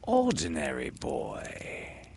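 A man's voice: rumbling low, huge pitch swings, drawn-out words, gravelly, darkish tone, slight background noise, voice pushed down, heavily acted. A man doing a blustering pirate captain. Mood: questioning.

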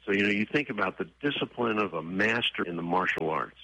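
A man being interviewed, telling stories and acting out quoted voices with husky tone. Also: lowish voice, lively intonation, fairly quick, sharp tone, low-quality recording. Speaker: guest, horse trainer and author. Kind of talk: conversational interview storytelling.

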